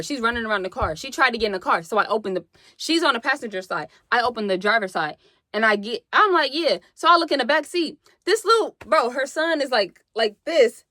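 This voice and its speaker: A young woman telling a story on her vlog, animated and slangy with plenty of swearing, acting out what people said. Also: on the high side, no room sound. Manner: animated, slangy and profane, acts out quotes. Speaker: vlogger.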